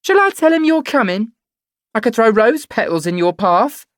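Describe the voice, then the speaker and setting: A taunting, spiteful woman care worker sneers from an audiobook, as a male reader puts her on. Her voice sits far above his own and comes out loud and cutting. The sound is dry and close. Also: high-pitched, big pitch swings, moderate pace, no echo, pitched above the performer's own voice. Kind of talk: audiobook reading.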